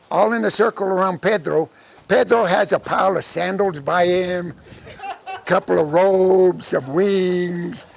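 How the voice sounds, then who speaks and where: A man telling a traditional folk tale to a live audience, acting out the characters' lines in an animated way. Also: sits high, creaky. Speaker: storyteller. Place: lecture audience setting.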